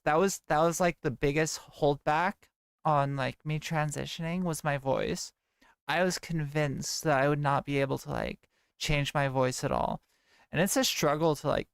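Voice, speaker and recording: A woman's voice: deep voice, smooth, dry recording, clean studio sound. A young woman streamer chatting casually and rambling as she reads her chat aloud.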